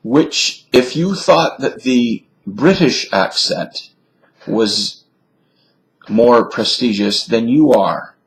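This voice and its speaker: Man, unhurried pace, digressive musing, webcam monologue, indoors. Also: mid-range voice, low-quality recording. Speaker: video lecturer on accents.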